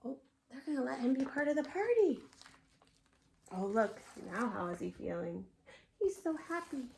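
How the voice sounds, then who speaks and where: Animated woman reading a bedtime story. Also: sits high, moderate pace, gravelly, crowd noise. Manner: expressive, sing-song, asks children questions. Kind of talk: storybook read-aloud to children.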